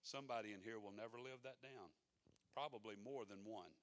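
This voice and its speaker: A man's voice: lowish voice, a little fast. A man preaching a sermon in a folksy, conversational way that rises to fervent exhortation.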